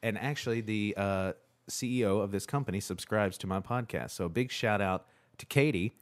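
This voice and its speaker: A man hosting a podcast in casual chat, relaxed and joking, his voice a bit hoarse from a cold. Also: on the low side, a little fast. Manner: relaxed, laughs easily, joking. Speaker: podcast host.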